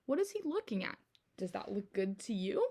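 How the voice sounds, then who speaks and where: A woman's voice: mid-range voice, moderate pace. A young adult woman teacher reading a picture book aloud to her class, asking the children questions as she goes. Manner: animated storytime delivery with questions to children.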